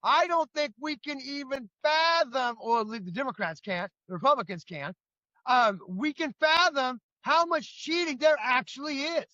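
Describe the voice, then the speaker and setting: Middle-aged guy co-hosting, high bright voice, ranting all worked up, dry dull lo-fi sound. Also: moderate pace, no room sound. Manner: indignant, emphatic ranting. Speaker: co-host. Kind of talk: political talk show chat.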